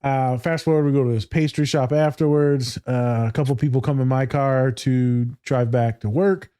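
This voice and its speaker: A man's voice: medium pitch, fairly even intonation, normal speed, warm tone, clear, resonant tone, dry recording, studio quality. A man hosting a podcast, telling a self-mocking story in casual chat, laughing often and swearing freely. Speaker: podcast host.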